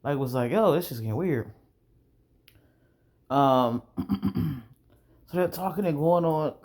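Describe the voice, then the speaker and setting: A man's voice: a little high, animated, slow, a little mellow. Rambling, profane man telling a story. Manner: rambling, profane, frequent throat clearing. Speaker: vlogger. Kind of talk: casual storytime monologue.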